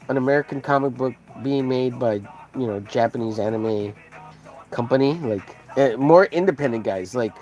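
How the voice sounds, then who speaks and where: A man's voice: medium pitch, darkish tone. A man hosting a podcast, ranting casually in a profane, rambling, heated way. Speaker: podcast host. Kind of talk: casual rant.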